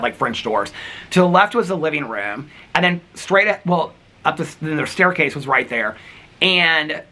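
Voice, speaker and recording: Chatty, animated man in his fifties. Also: a little high. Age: 50s. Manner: rambling, chatty storytelling with frequent laughs and "like" fillers. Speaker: vlogger. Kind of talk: casual chat to camera.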